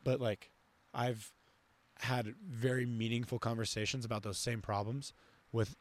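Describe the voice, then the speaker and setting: The young podcast host chats in a loose, meandering way, often restarting and leaning on filler words. His delivery is flat and unhurried, in a mid-range voice.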